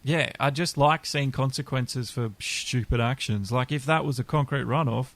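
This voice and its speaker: A man's voice: medium pitch, normal speed, fairly bright tone, no room sound. A man hosting a casual podcast chat, plain-spoken and teasing. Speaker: podcast host.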